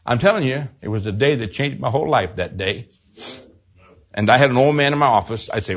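An older man preaching a sermon, telling a personal story and swinging from loud exclaims to hushed low storytelling. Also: brisk, breathy edge, dull audio.

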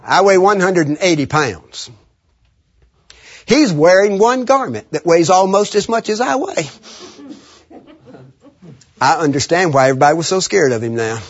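A man preaching a sermon, animated and laughing often, leading the congregation in call-and-response. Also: sits high, moderate pace, long pauses, husky. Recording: muffled lo-fi sermon recording.

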